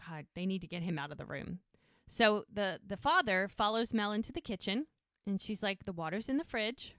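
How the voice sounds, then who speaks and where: This podcast co-host talks fairly quickly in a mid-range, slightly bright voice with lively intonation. She recaps a TV episode casually, performing the characters' lines and laughing at times, and the studio sound is clean with no room echo.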